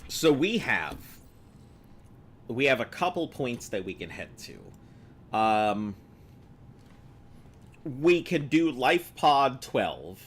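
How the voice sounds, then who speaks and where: A man's voice: mid-range voice, very animated, very slow, pauses often, fairly bright tone, husky. An American man giving casual, rambling commentary while playing a video game, chatting with viewers and laughing at his own jokes. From United States. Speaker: streamer.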